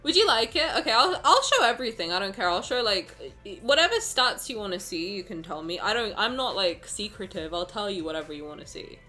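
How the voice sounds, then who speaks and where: A young woman streaming live, chatting casually with her viewers in an excitable, exclamatory way, swearing now and then and sounding close to tears. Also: medium pitch, a little fast, hardly any pauses. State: emotional, near tears. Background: faint music.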